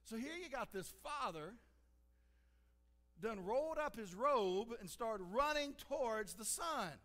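High-voiced pastor preaching in a reverberant church. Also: male voice, expressive, unhurried, a bit bright. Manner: earnest, conversational, repeats "listen" for emphasis. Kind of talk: sermon. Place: church sanctuary. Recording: long hall reverb.

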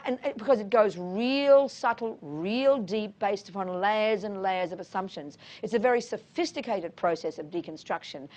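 Frank, emphatic woman teaching Buddhism. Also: a little high. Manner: frank, emphatic, calls listeners darling and honey. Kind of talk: informal dharma talk answering questions.

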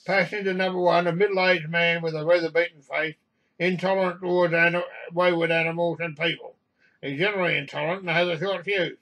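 A man's voice: fairly high pitch, fairly even intonation, brisk, sharp tone, rough recording. A man reading the narration of a comedy script.

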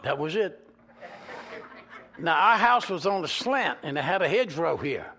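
Man, Georgia Southern accent, pastor, sermon, folksy storyteller, higher-pitched voice. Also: moderate pace. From Georgia, USA. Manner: animated, folksy, swings between loud and soft.

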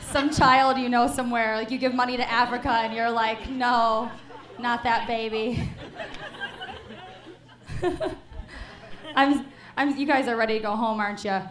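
A woman's voice: a little high, fairly even intonation, moderate pace, fairly bright tone. Woman doing stand-up in a roomy club. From Chicago, USA. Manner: crowd work, teasing the audience. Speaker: stand-up comedian. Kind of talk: stand-up comedy set. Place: comedy club.

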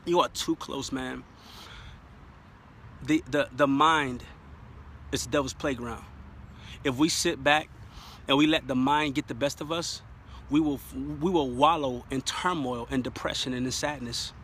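A man's voice: medium pitch, fairly even intonation, measured pace, long pauses, a little hiss or hum. A man preaching on a phone live stream, talking casually to viewers and building up to fervent, declarative praise. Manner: fervent, rising to shouted praise.

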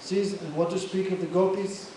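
A man's voice: high-pitched, fairly quick, noisy background. Male preacher in a hugely echoing hall. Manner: animated, acts out characters' voices. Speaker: spiritual teacher. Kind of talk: devotional lecture with acted storytelling. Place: lecture hall. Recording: echoey hall, far mic, crowd.

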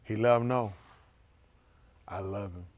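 A man preaching a sermon as pastor, in informal, vernacular speech that swings from low murmurs to loud exclaiming. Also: steady tone, takes it slowly. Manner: speaks in informal, vernacular English.

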